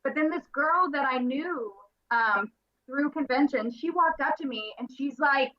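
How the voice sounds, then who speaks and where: A woman guest chatting on a livestream, telling stories in a bubbly, animated way. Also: high-pitched, a little slow, dull audio. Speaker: guest collector. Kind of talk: casual chat.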